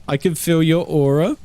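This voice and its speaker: Lively man streaming. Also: a little high. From England. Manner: chatty, reads chat aloud, laughs often. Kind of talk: live gaming stream chat.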